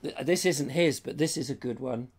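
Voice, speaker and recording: A man's voice: medium pitch, moderate pace, husky. A middle-aged man hosting a casual live chat, reading viewer comments aloud and reacting to them. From Britain. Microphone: lapel mic.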